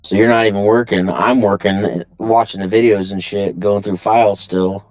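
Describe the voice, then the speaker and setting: A man's voice: lowish voice, steady tone, moderate pace, a little mellow, dry recording, poor audio. A man playing a tabletop game who chats casually in a dry, offhand way. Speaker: player.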